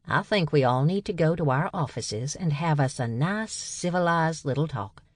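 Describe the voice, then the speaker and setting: A woman's voice: sits low, lively intonation, normal speed, dry recording, studio quality. A woman voicing a menacing, condescending female boss with an American Southern drawl in an audiobook.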